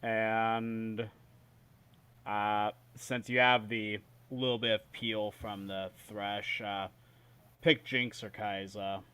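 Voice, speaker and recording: A man coaching a gaming team over voice chat, calmly directing draft picks on a headset mic. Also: fairly low pitch, slow, clean tone. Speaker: esports coach.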